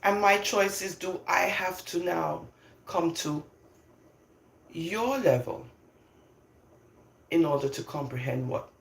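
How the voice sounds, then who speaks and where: This older vlogger from London has a lowish voice with vocal fry, speaks slowly, and pauses often, her words echoing around the room. Her casual, opinionated monologue is emphatic and animated, broken up by frequent laughter.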